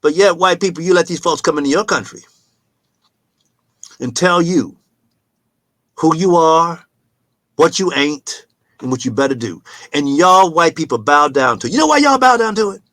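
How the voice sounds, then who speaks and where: A man hosting a talk show, delivering an impassioned political monologue in a preachy, emphatic way and sometimes shouting. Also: on the high side, expressive, normal speed, long pauses, dry recording.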